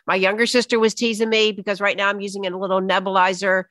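A woman's voice: medium pitch, little pitch movement, fast, a bit bright, no echo, clean studio sound. A woman hosting a podcast interview, talking earnestly and openly about her own healing. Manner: earnest, open, reflective. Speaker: podcast host. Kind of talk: casual interview chat.

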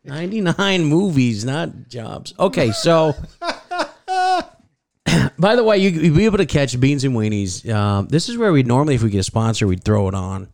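A man's voice: mid-range voice, big pitch swings, moderate pace, darkish tone. A man from the American Midwest co-hosting a casual podcast, telling a rambling story and getting flustered when teased. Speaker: podcast co-host. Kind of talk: casual chat.

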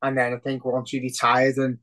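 This is a man chatting casually on a football podcast. He rambles, swears freely and gets excitable, and his voice sits at an ordinary middle pitch. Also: fairly quick, poor audio. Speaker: podcast co-host.

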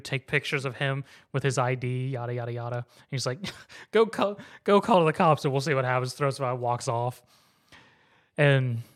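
A man's voice: mid-range voice, fairly bright tone. A man with a mid-range voice recaps an anime plot on a casual podcast. He tells it animatedly, slipping into the characters' lines as he goes. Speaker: co-host.

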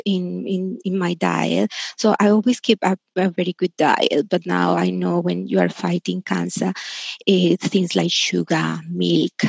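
Polite forty-year-old female caller, halting speech, raspy texture, dull lo-fi sound. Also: on the low side, darkish tone, no room sound. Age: 40s. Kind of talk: call-in conversation. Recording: dull dry lo-fi line.

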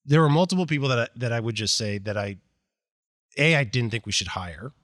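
A man speaking as an interview guest, candid and blunt, who slips into quoted voices while telling stories. His pitch sits at an ordinary middle height. The recording is dry and close, with no room sound. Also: a little fast, dry recording. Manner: animated, blunt, self-deprecating, acts out quoted dialogue. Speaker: interview guest, sales executive. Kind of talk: candid conversational storytelling.

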